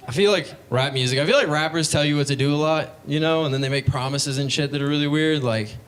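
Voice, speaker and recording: A man's voice: on the high side, quick pace, a bit bright. A young man doing a stand-up comedy set on a comedy club stage, telling stories in a laid-back way and acting out voices. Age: young adult.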